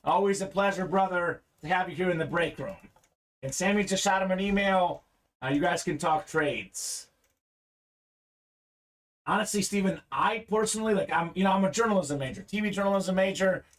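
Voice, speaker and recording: Young guy hosting a live break, kinda high voice, chatty, reading comments out. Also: moderate pace, fairly bright tone. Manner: chatty, reads viewer comments aloud, laughs easily. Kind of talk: casual live-stream chat.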